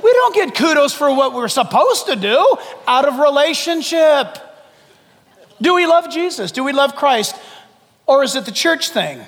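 A high-pitched male pastor preaching in a church, his voice carrying a long reverb through the sanctuary. He swings from booming emphasis to soft, hushed asides and playfully acts out the voices he quotes. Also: big pitch swings, unhurried. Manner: dramatic, swings from loud to hushed. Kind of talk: sermon.

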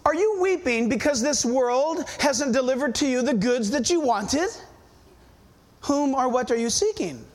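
A man preaching a sermon with a strikingly high voice that swings widely up and down. He presses his points with rhetorical questions and sudden hushed asides. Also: animated, a little slow. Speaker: pastor.

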